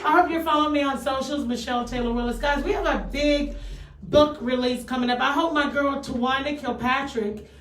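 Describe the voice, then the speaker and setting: A woman's voice: high-pitched, fairly quick, fairly bright tone, roomy sound, distant mic, low-quality recording. A woman hosting a radio show, chatting loosely and joking, swearing now and then. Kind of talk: casual on-air chat. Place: radio studio.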